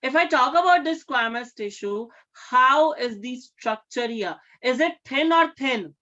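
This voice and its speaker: A woman science teacher giving a classroom lecture, often pausing to check in with her students and repeating key terms. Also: sits high, expressive, pushed and bright, dull audio. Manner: keeps checking with questions, repeats key words.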